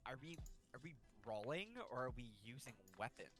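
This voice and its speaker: A man playing a tabletop game, talking earnestly and haltingly as he decides his moves. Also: mid-range voice, expressive, fairly bright tone. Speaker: player. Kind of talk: casual tabletop game play.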